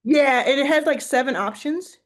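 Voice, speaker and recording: Woman, show host, casual chat, animated, chatty, lots of fillers. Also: sits high, normal speed.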